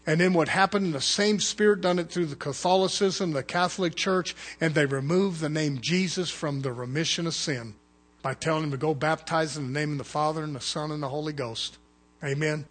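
A man preaching a fervent sermon as pastor, swinging between loud urgent calls and hushed low asides. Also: fairly quick, breathy edge.

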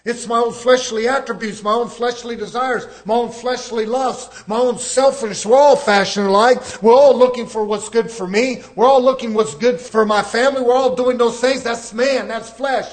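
A middle-aged man preaching a sermon, asking his congregation rhetorical questions and swinging between loud emphasis and quieter passages. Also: very high-pitched, steady tone, normal speed, hardly any pauses.

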